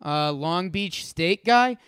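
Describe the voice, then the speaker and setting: A man's voice: sits high, lively intonation, slow pace, a bit bright, clear, resonant tone, no echo, clean studio sound. A man co-hosting a sports podcast, talking with enthusiasm and rambling through ad reads and stats. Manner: enthusiastic, rambling, repeats words. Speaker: podcast co-host. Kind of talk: casual sports podcast chat and ad read.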